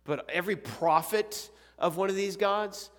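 Teaching a casual Bible class for youth on Sunday, a man speaks a little slowly in a slightly higher voice, relaxed and conversational. He frequently clears his throat and asks the students questions, while the long reverb of a church hall surrounds his words.

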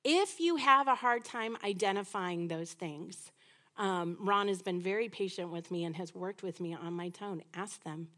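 This middle-aged woman has a lowish voice and an unhurried pace as she teaches a women's Bible study. Conversational and animated, she dramatizes little quoted dialogues throughout the lesson.

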